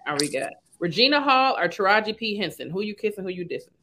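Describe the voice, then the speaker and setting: A woman hosting a casual interview, upbeat, moving through segments with quick questions. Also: mid-range voice, big pitch swings, sharp tone. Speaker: show host.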